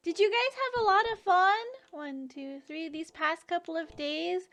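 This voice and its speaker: A woman's voice: very high-pitched, a little slow, a bit bright. A young woman streaming live, chatting casually with her viewers and reading out their messages between bursts of giggling. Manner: chatty, reads chat aloud, giggly.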